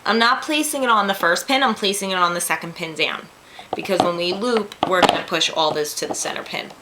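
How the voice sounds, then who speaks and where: A lowish-voiced woman with a New York accent walks through a craft project step by step, chatty and quick to poke fun at her own slips. The recording is noisy, with clear background hiss and clicks. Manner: chatty, self-deprecating asides. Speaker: craft tutorial host. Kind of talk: casual step-by-step tutorial.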